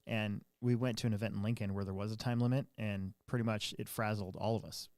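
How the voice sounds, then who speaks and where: A man's voice: fairly low pitch, quick pace, no echo. A man hosting a podcast, telling a story in casual chat and acting out quotes in a raised voice. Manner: animated, acts out quotes in a raised voice. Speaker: podcast host.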